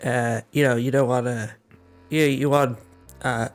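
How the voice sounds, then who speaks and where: An Irish man co-hosting a podcast, retelling events in a halting, filler-heavy way. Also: mid-range voice, steady tone, faint music behind. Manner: hesitant storytelling, many fillers and retellings. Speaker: podcast co-host. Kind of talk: casual chat.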